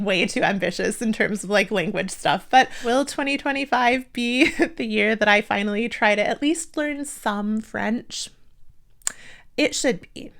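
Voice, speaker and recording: A woman's voice: mid-range voice, fairly bright tone. A young woman from the United States, talking casually to camera in a self-deprecating vlog, laughing often and filling with "like". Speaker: vlogger.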